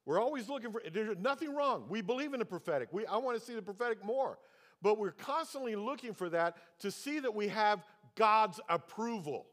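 A man in his sixties preaching a sermon, telling a story and acting out its dialogue. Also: fairly bright tone. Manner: storytelling, acts out dialogue with pitch jumps. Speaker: pastor. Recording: long hall reverb.

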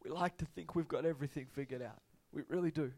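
High-voiced man preaching an impassioned sermon. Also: fast talker, vocal fry. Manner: impassioned, swinging from quiet to loud.

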